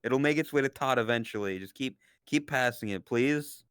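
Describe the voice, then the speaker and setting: A woman's voice: very deep voice, moderate pace, smooth, dry recording. A woman streamer hosting a casual live chat, teasing her guest in playful banter. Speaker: streamer host.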